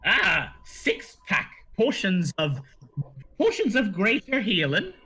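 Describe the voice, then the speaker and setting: A man voicing an eager, greedy male gnome alchemist who haggles and stammers with excitement. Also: high voice, slow, slightly rough, voice pushed up, exaggerated voice. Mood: haggling.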